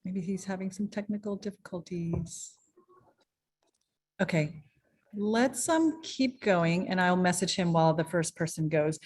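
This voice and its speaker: A woman's voice: on the low side, unhurried, a little mellow. A woman moderating an online panel over a video call, chatty with many ums and restarts.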